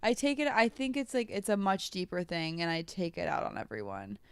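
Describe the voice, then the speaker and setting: A woman's voice: on the low side, wildly swooping pitch, brisk, smooth, no echo. A young adult woman hosting a podcast, telling stories candidly and self-deprecatingly, often laughing at herself. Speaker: podcast host. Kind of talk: casual chat.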